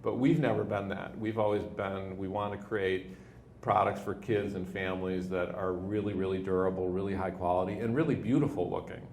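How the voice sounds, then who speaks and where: Low-voiced man telling stories in an echoey room. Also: fairly quick. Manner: relaxed, anecdotal, many restarts. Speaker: company leader, interview guest. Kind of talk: storytelling in an on-stage interview. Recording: echoey room with faint noise.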